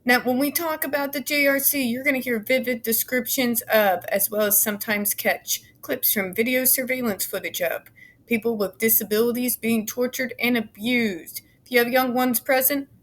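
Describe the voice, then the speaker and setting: A woman with a somewhat high voice reads a report aloud for her channel and tears into it between passages. She is fiery and sarcastic, swears freely, and sometimes stumbles over her words. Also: a bit bright. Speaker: YouTube commentator. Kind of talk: reading a report aloud with ranting commentary.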